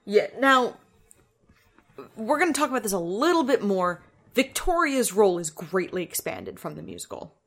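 A woman's voice: medium pitch, sing-song, normal speed. Woman podcast host explaining things dryly. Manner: explanatory, walks through details with dry asides. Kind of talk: casual chat.

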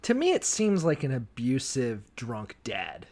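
A man's voice: medium pitch, huge pitch swings, unhurried, a little mellow. A man co-hosting a casual podcast chat, irreverent and profane, laughing often and acting out voices. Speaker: podcast co-host.

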